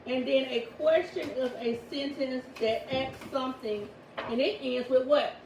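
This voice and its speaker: A woman in her thirties leads a home grammar lesson in a firm, deliberate way, her voice pitched high. The recording is roomy and echoey, caught from a distance. A steady background noise sits under her speech. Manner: firm, slow and deliberate when reading sentences aloud. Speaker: homeschooling mother teaching her children. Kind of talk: classroom instruction. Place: home table with children. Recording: echoey room, mic far off, background noise.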